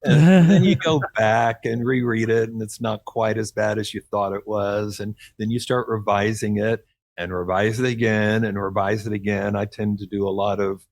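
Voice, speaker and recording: This Oklahoma author, a guest on a radio interview, talks in an earnest, encouraging way with frequent light laughter. His pitch sits fairly low and a little mellow, the intonation stays fairly even, the speed is normal, and no echo is heard.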